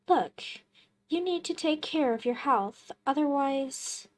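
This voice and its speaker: A woman voicing an eerily polite, calm stranger who talks in a soothing, overly caring but insistent way. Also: high-pitched, slow pace. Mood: smoothly insistent. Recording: loud game music behind.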